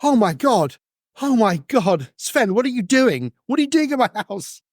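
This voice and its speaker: A man voicing a groggy, hungover young man who wakes in a panic, shouting shrilly. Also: mid-range voice, animated, normal speed, no echo, clean studio sound, lightly acted. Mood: panicked.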